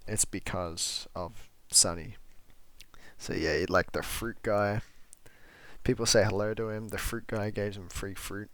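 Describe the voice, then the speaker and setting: A man's voice: fairly low pitch, normal speed, no room sound. A man co-hosting a film review podcast, casually retelling a plot, acting out the lines of the characters and swearing freely. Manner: lively storyteller who acts out the characters' lines. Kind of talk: casual film recap chat.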